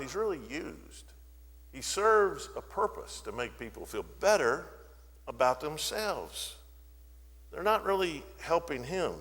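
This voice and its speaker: Male preacher, fairly high voice with a wide, lively pitch, dramatic storyteller, reverberant church sanctuary. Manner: animated storytelling, briefly acts out the voices in the story. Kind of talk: sermon.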